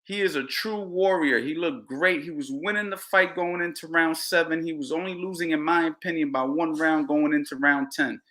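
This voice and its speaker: A man's voice: a little high, moderate pace, hardly any pauses. A man hosting a boxing podcast, ranting heatedly and repeating himself. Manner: animated, ranting, repeats phrases. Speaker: podcast host.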